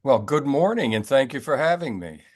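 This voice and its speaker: A man's voice: mid-range voice, animated, moderate pace. An older man from the New York area, an author telling his story in a wry, rambling interview chat. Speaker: author guest.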